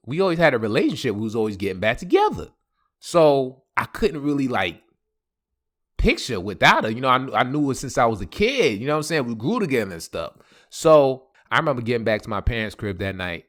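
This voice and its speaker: A man's voice: mid-range voice, moderate pace. Brief: male podcast host spinning a funny story, loose slang, a voice that leaps all over. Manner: animated, slangy, laughing asides. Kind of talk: comedic storytelling.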